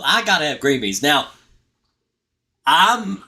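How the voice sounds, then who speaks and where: Bright-voiced middle-aged man rambling. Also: medium pitch, big pitch swings, slow pace. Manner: rambling, laughing at himself. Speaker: pest control channel host. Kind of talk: casual live-stream chat.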